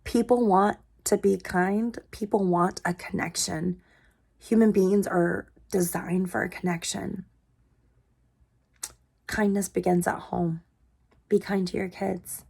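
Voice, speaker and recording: A woman in her thirties giving an earnest parenting pep talk to camera, asking viewers direct questions and dropping into soft breathy asides. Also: medium pitch, fairly even intonation, slow pace, long pauses. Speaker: parenting vlogger.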